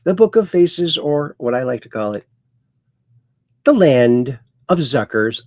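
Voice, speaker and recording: A man's voice: medium pitch, very animated, a little slow, darkish tone, no room sound, studio quality. A man hosting a casual livestream, reading viewer comments aloud and adding playful asides. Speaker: livestream host reading chat.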